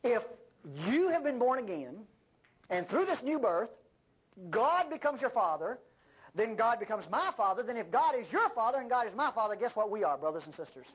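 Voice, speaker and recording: An older woman preaching a sermon, with an animated delivery and folksy asides. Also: on the high side, normal speed, slightly rough. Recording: dull lo-fi sermon recording.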